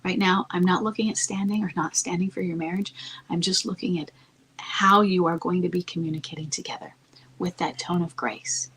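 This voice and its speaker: A woman giving marriage-coaching advice in a soft, calm, often near-whispered delivery that stays earnest and reassuring. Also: fairly low pitch, fairly quick, a little hiss or hum, low-quality recording. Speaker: marriage coach answering a listener's question. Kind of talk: advice talk.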